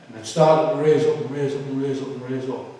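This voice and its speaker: A man's voice: medium pitch, fairly even intonation, dark tone. Man telling his testimony in an echoey hall. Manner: emotional, halting, with many fillers. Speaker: speaker giving a testimony. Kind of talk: personal testimony talk. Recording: echoey hall, far from the mic.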